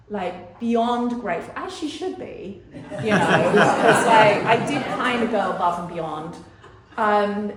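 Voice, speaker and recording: A woman's voice: on the low side, a little hiss or hum. A middle-aged woman telling a personal story on stage to an audience, chatty, with laughing asides, and she acts out other people's lines. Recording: echoey venue with loud audience.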